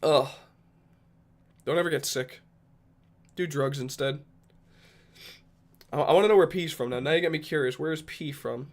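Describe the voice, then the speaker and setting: A man's voice: on the high side, normal speed, long pauses. Rambling, joking man from Rhode Island. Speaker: streamer. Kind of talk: casual livestream chat with viewers.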